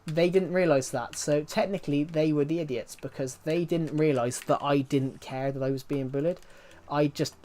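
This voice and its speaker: A man in his twenties from Southwest England talks casually on a livestream and answers his chat as he goes. His voice sits a little high, and he rambles with plenty of ums and false starts. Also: a little mellow. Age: 20s. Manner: rambling, many ums and restarts.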